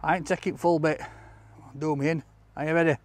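A man with a Hull accent chatting excitedly to camera as a vlog host, exclaiming a lot. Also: fairly high pitch, brisk, dry recording. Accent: Hull, East Yorkshire. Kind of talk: casual vlog chat.

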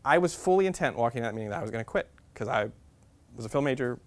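A man telling a funny personal story as a guest speaker, in an animated, chatty way with frequent laughs. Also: mid-range voice, fast.

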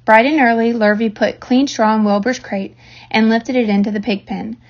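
A woman reading a children's novel aloud in a steady storytelling manner, on a dull lo-fi recording. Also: fairly high pitch, normal speed. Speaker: reader.

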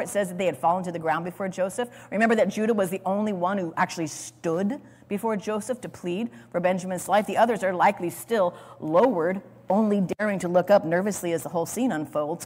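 A woman teaching a sermon on scripture, dramatic and expressive, acting out the lines she quotes and calling for the next slide. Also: mid-range voice, breathy edge. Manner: speaks to an audience, calls for slides. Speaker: Bible teacher. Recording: long hall reverb.

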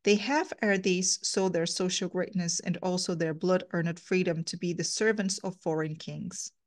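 A woman's voice: fairly low pitch, fairly even intonation, normal speed, natural voice. A woman reading aloud as a cynical, contrary Englishman who answers with dry, scoffing retorts.

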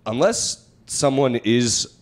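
A man's voice: mid-range voice, lively intonation, slow. A man hosting a podcast, telling stories in a rambling, profane, casual way. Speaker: podcast host. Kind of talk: casual storytelling chat.

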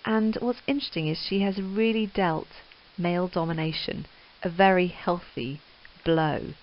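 Lady teacher going through old english poetry, really enthusiastic, lower voice, muffled lo-fi audio. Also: normal speed. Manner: enthusiastic, emphatic explanation. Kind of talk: lesson reading and annotating Middle English verse. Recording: dull lo-fi recording.

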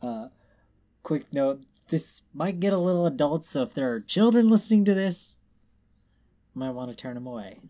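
A man's voice: fairly high pitch, lively intonation, moderate pace, dark tone. A man casually reading a story aloud, tripping over words and adding offhand asides. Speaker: reader.

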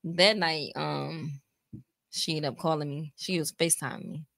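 Young woman, low pitch, raw casual recollection, dry close sound. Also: fairly even intonation, normal speed, creaky, fairly bright tone, no room sound. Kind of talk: casual chat.

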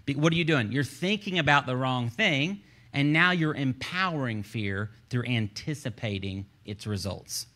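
A Texan man preaching a sermon with a bright, forceful voice. He is a pastor who talks to his congregation like he's chatting with friends, slipping jokes and asides into his points. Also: mid-range voice, moderate pace. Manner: animated, joking, conversational preaching. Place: church stage.

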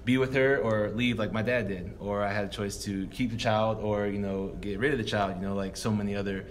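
A man's voice: on the low side, steady tone, a little fast, a little hiss or hum. A young man in his twenties, a guest sharing a personal faith story in a rambling, earnest way full of fillers. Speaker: guest, football player. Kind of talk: reflective personal testimony.

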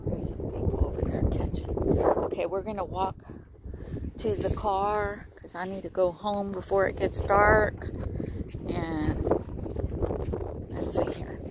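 Breathless woman on a slow, windy pier. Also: mid-range voice, steady tone. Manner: folksy and chatty, talks to viewers as y'all. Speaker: vlogger. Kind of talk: casual phone vlog with Bible reading. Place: outdoors on a pier by the water. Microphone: handheld phone. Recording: windy outdoor phone recording. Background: wind and outdoor noise.

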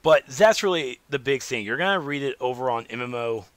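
A man hosting a casual solo gaming podcast, rambling and animated, swinging between loud remarks and muttered asides. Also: medium pitch, fairly quick, no echo. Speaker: podcast host.

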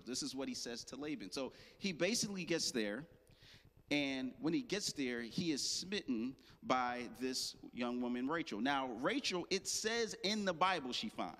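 A man's voice: mid-range voice, expressive, moderate pace, fairly bright tone. A man preaching a sermon as pastor, casual and joking with slang asides. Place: church. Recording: long hall reverb.

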